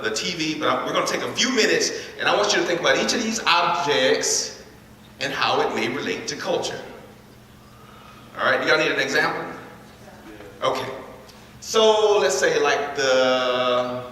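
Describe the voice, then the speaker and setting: A man leading a lively interactive talk with students in a school hall, often repeating his words as he starts sentences. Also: fairly high pitch, slight background noise. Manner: repeats words, energetic crowd prompts. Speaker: speaker leading a school workshop. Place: large echoey school hall. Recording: echoey hall recorded from far off.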